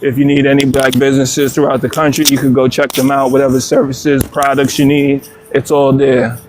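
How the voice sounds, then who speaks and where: A man's voice: mid-range voice, level tone, brisk, background noise. A man talking casually as a guest, laid-back and filling his speech with hesitations while he promotes his services. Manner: laid-back, many fillers. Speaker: guest promoting a business directory. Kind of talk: casual chat.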